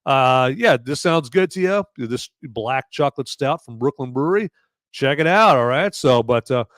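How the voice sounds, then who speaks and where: Expressive and moderately paced, this podcast host has a medium-pitched, fairly bright voice, recorded at studio quality without room sound. His casual movie-and-beer review drifts around, packed with fillers and the recurring question "okay?"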